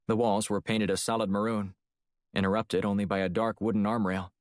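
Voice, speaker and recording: A man narrating a thriller audiobook in a deep, low voice. His storytelling is steady and even. The sound is close and dry. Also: brisk, dry recording. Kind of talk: scripted narration.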